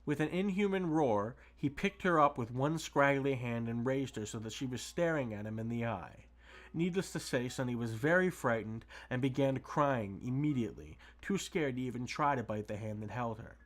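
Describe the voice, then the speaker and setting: A man reading a storybook aloud on a stream, steady with occasional restarts. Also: mid-range voice, moderate pace. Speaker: streamer reading books to chat. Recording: faint music behind.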